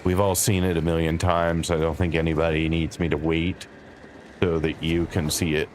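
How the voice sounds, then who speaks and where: Deep-voiced man streaming a game. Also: moderate pace, faint music behind. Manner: relaxed, chatty, talks to chat by name. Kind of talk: casual live-stream chat while playing.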